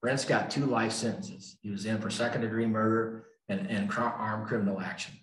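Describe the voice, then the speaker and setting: An older man gives a recovery talk in a low, grounded voice, driving his points home and repeating the lines he wants to stick. His words ring through an echoey meeting room. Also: fairly even intonation, moderate pace. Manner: emphatic, repeats key lines for effect. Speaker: AA speaker.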